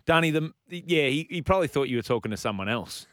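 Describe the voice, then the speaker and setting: A man's voice: a little high, lively intonation, quick pace, fairly bright tone. A man co-hosting a radio show, casually reading out listener texts. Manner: casual, hesitant with fillers. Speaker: radio co-host.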